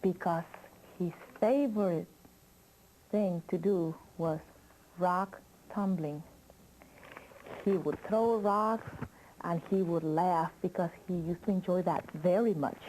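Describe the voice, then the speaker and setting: A woman telling a children's story slowly and expressively, asking listeners questions. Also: lowish voice, darkish tone, slight background noise, poor audio.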